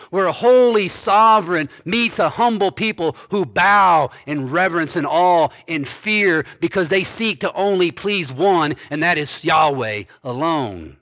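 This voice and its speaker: A male pastor preaching a sermon slowly and emphatically, repeating key phrases. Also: fairly high pitch, a bit bright, no room sound, studio quality.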